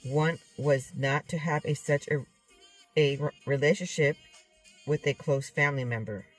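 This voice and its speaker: A woman's voice: low-pitched, fairly even intonation, a little slow, faint music behind. A woman teaching from scripture and retelling a dream in a rambling way, often checking in with "okay?" and correcting herself. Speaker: Bible teacher.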